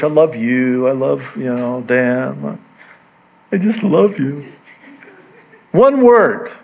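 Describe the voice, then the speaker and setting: A man preaching a sermon, unhurried, repeating key words and swinging between quiet asides and raised emphasis. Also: on the high side. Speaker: pastor. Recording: dull lo-fi recording.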